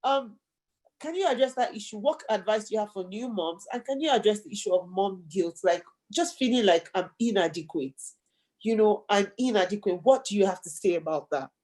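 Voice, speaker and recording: A woman's voice: medium pitch, lively intonation, fairly quick, darkish tone. A woman hosting an interview, affirming her guest and asking long, rambling questions. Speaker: host. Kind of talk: interview chat.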